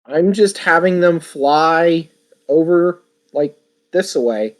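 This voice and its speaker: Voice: medium pitch, slow pace. Matter-of-fact tabletop game player.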